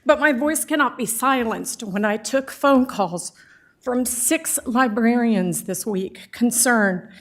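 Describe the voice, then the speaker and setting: An older woman, a former school librarian, reading an earnest, at times emotional public comment at a school board meeting. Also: on the high side. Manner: earnest, emotional, self-deprecating. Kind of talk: prepared public comment read aloud.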